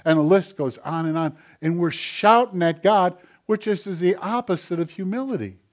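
A man preaching a sermon who acts out prayers and God's replies in quoted voices, swinging from loud urgent appeals to low hushed asides. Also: normal speed. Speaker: pastor.

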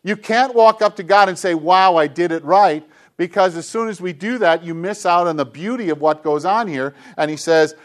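A middle-aged male pastor preaching a sermon with an emphatic, repetitive cadence, dropping at times into soft, hushed tones. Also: high voice, moderate pace. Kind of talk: sermon to a congregation with kids.

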